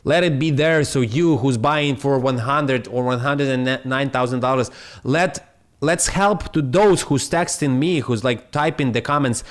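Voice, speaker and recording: A man from Ukraine with a Ukrainian accent, hosting a live crypto stream in excitable, swearing, broken English. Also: mid-range voice, measured pace.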